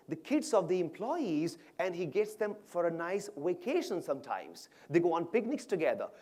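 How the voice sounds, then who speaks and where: A man giving an energetic motivational speech to an audience at an awards event, often asking the crowd questions. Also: on the high side. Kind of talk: animated stage speech to an audience. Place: large event hall with live audience.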